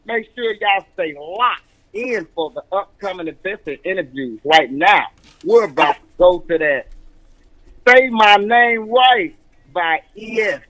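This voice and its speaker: Give me a man hosting a radio talk show, high-pitched and relaxed in his slang. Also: unhurried, lo-fi sound. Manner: laid-back, slangy, loose talk. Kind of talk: casual radio chat.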